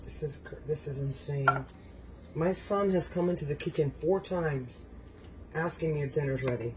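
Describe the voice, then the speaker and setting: Effusive and slightly loud, this man has a fairly high voice at a moderate pace, captured in a low-quality recording with a faint room hum behind him. A home cook vlogger, he demonstrates dishes casually in his kitchen, addressing viewers directly, exclaiming often and gushing over each one.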